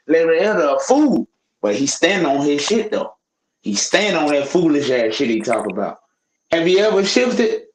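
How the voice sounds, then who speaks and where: A man's voice: a little high, big pitch swings, moderate pace, a little hiss or hum. Heated, profane man ranting in an echoey room. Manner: heated, profane, preachy rant with rhetorical questions. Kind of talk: opinionated casual commentary.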